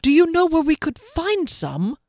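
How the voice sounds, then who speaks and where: A woman reads a storybook mage, a man pleading urgently and failing to hide his desperation. The voice lifts high and is recorded dry and close. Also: big pitch swings, measured pace, a little mellow, no room sound, full character voice.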